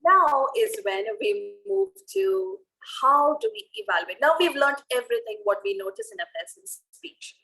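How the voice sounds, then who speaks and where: A woman's voice: high voice, very animated, moderate pace, gravelly, bright, forceful tone, poor audio. A young woman teaching how to evaluate speeches, explaining step by step with many rhetorical questions. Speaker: public speaking coach. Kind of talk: online teaching talk.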